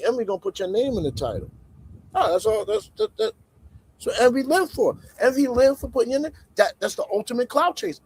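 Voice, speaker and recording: A man giving casual livestream commentary in an animated, conversational way, swinging between loud emphasis and muttered asides. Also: very high voice, a little hiss or hum, rough recording.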